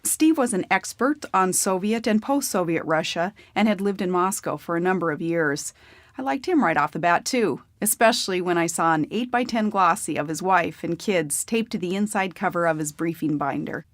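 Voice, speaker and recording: A woman's voice: on the low side, expressive, moderate pace, no echo. Woman reading a memoir plainly. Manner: plain, conversational storytelling. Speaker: audiobook narrator. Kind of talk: memoir audiobook narration.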